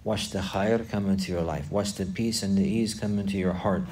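A man's voice: low-pitched, normal speed, a little mellow, slight background noise. A man teaching a religious class, repeating key phrases for emphasis and putting questions to his students. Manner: quizzes the class.

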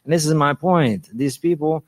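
A man's voice: on the high side, normal speed, no echo. A man teaching a religious lecture, repeating phrases for emphasis and mixing in Arabic phrases. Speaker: Islamic preacher and teacher.

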